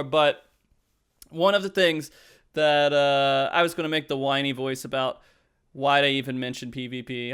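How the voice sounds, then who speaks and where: A man hosting a gaming podcast in casual chat, animated, laughing often and restarting his sentences. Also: medium pitch, normal speed, clear, resonant tone. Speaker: podcast host.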